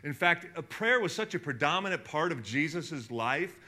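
A middle-aged man preaching a sermon as a pastor, conversational and animated, reading scripture aloud between asides. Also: a little high, moderate pace.

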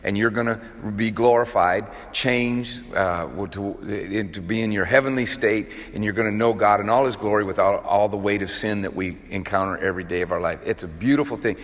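A man's voice: on the low side, a little fast, hardly any pauses. A man preaching a casual sermon, telling the story in a folksy, conversational way with plenty of fillers. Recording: echoey hall with long reverb.

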